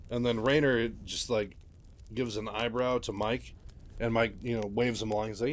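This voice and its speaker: Male host narrating game lore: relaxed, chatty, unpolished. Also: mid-range voice, normal speed. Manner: loose, chatty, frequent fillers. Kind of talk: casual retelling of game lore.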